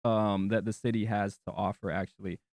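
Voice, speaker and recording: A man's voice: lowish voice, level tone, a little fast, darkish tone, no room sound. A man interviewing a guest, asking loose questions full of fillers.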